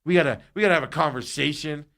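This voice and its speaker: A man's voice: fairly high pitch, rapid-fire, gravelly, a bit bright. A man hosting sports talk radio, ranting heatedly and with exasperation, his voice jumping up when he gets angry.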